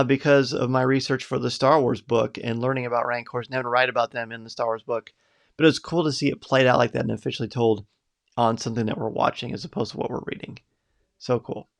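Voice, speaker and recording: A man's voice: medium pitch, creaky, fairly bright tone. A man hosting a live podcast, reading out viewers' picks in an upbeat, chatty way. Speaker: podcast host.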